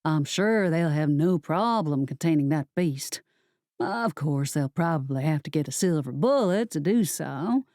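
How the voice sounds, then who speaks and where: A gloating male sorcerer , put on by a woman reading an audiobook, drawls his taunts in a low, unhurried voice. The tone is mellow and dry, each word laced with mockery. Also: animated, dry recording. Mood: smug. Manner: slow, low and mocking. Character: smug scheming male sorcerer villain.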